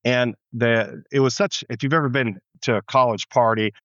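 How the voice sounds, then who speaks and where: A man's voice: medium pitch, steady tone, moderate pace, a bit bright, no echo. A man from the United States, a pastor, telling his story in an interview in an earnest, reflective way with frequent restarts. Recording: dull muffled lo-fi sound.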